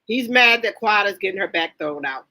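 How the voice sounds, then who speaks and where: A woman chats on a casual livestream, reading viewer comments and reacting to each one. Her voice is bright and a little husky. She exclaims often and repeats her reactions over and over. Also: medium pitch, normal speed, rough recording. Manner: animated, exclaims and repeats herself, reads chat comments aloud. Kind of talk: casual reality-TV gossip chat.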